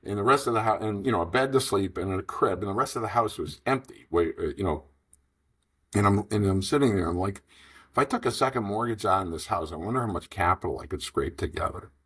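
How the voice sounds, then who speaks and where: A man in his fifties telling a long business story in an interview, animated and rambling, acting out the dialogue. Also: lowish voice, fast talker, husky. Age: 50s. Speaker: franchise investor guest.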